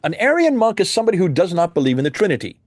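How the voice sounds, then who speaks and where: A man's voice: rapid-fire, no echo, studio quality. A man giving an emphatic lecture presentation with slides, asking the audience rhetorical questions. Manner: emphatic, rhetorical questions, animated swings in pitch. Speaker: Christian apologist presenter.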